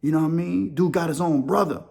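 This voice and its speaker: A man's voice: a little high, fast talker, creaky, a little mellow. A man hosting a crime and prison storytelling channel, talking casually in street slang and pressing his points with pointed rhetorical questions.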